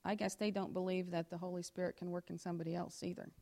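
Her voice gravelly and her tone level, a church teacher who works with her pastor husband preaches to her congregation. She swings from slow, booming scripture reading to soft, brisk asides that feel confiding, and she talks straight to the crowd with questions.

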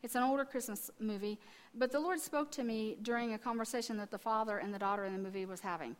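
A woman in her fifties preaching a sermon, telling family stories and swinging between quiet asides and loud, emphatic testifying. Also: a little high, fast.

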